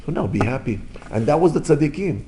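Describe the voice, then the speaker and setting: A rabbi giving an informal Torah lesson in English, mixing in terms and telling stories, jumping between loud exclamations and quiet asides. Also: male voice, fairly high pitch, lively intonation, quick pace, a little hiss or hum. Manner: non-native English with Hebrew terms. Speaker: rabbi teaching.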